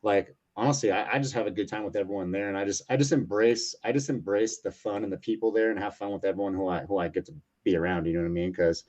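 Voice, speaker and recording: Fast-talking profane fighter, muffled audio. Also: male voice, lowish voice, a little mellow. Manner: profane, rambling, lots of fillers. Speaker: UFC lightweight fighter, interview guest. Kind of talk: casual storytelling interview.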